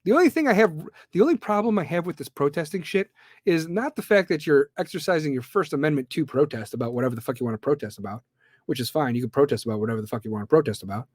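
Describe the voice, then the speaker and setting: A man's voice: on the high side, expressive, quick pace, darkish tone, husky, dry recording, studio quality. A man hosting a podcast, delivering a blunt, profane, heated rant. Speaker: podcast host. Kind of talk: ranting monologue.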